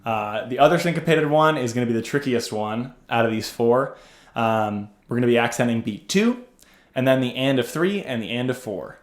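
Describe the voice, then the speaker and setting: A bass teacher gives casual instruction in a roomy space, his medium-pitched voice moving at a moderate pace. He sounds relaxed and loose, dropping frequent ums and uhs, while the recording carries a roomy echo and faint music.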